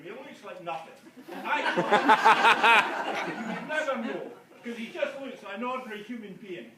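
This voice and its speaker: Brief: high-voiced male conference speaker, jokey and self-mocking, recorded in a roomy hall from far off. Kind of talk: comic talk to a live audience. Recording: echoey hall, distant mic, noisy room.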